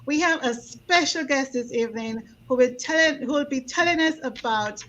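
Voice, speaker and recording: A woman's voice: high-pitched, normal speed, fairly bright tone. A woman hosting an online health show, welcoming her guest with a hesitant manner and many restarts. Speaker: host. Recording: slightly dull lo-fi audio.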